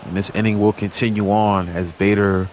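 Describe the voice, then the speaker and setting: Brief: young male gaming host calling baseball play-by-play, lowish voice, slight noise behind. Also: moderate pace. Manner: excitable on big plays, chatty asides to viewers. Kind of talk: play-by-play commentary over a baseball video game.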